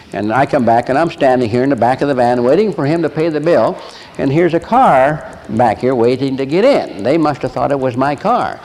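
Older preacher man in a hall. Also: mid-range voice. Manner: animated storyteller who laughs and acts out voices. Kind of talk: sermon with storytelling. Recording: long echo of a large hall, faint ambience.

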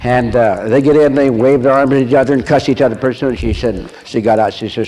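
An older man preaching a sermon, telling a story with animated voices and laughter. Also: mid-range voice, quick pace, few pauses, slight background noise. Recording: long echo of a large hall, faint ambience.

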